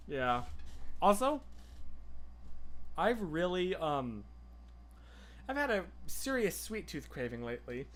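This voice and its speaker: A man hosting a casual livestream, chatting and answering viewer comments in an excitable, rambling way. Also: a little high, slow, long pauses. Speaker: livestream host.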